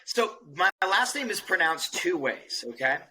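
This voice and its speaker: A man's voice: high-pitched, big pitch swings, unhurried, sharp tone, a little hiss or hum, poor audio. A man guesting on a podcast, telling jokey stories in casual chat and checking in with the listener as he goes. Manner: jokey storyteller, checks in with "okay?". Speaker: roofing company guest.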